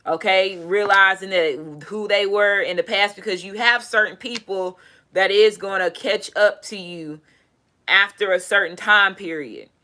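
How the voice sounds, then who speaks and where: A woman doing a casual tarot reading, talking in an animated, profane way. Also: medium pitch, measured pace. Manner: animated, profane, laughing asides. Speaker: tarot reader.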